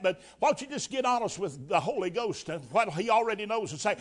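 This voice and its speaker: A man preaching a sermon as pastor, folksy and colloquial, acting out the scripture quotes with lively drama. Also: sits high, brisk, few pauses.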